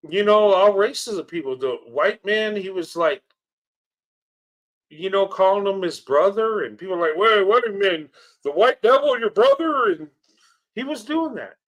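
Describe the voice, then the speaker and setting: A man hosting a reaction video, commenting on clips in an earnest, heartfelt way, often laughing and repeating himself. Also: sits high. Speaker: channel host reacting to clips.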